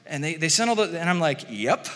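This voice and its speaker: A male pastor delivers a sermon in a chatty, lively manner, voicing the quoted speakers and chuckling along the way. His voice sits a bit high and sounds bright and forward. A long reverb tail lingers, as in a large hall. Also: a little fast. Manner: conversational, animated, laughs often, acts out quotes.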